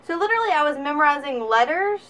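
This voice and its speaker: Talking fast in a high voice, a Southern-accented vlogger from Alabama in her twenties rattles off a sarcastic, animated comedy monologue.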